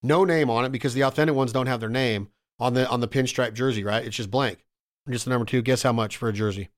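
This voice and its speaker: A man in casual podcast chat, telling excited, profane stories and calling his friend "bro" and "dude". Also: medium pitch, fast.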